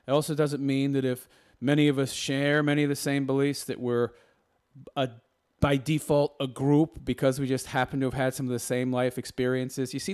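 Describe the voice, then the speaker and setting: A man's voice: medium pitch, a little mellow, smooth. A man giving argumentative reaction commentary, lecturing and rebutting a video point by point.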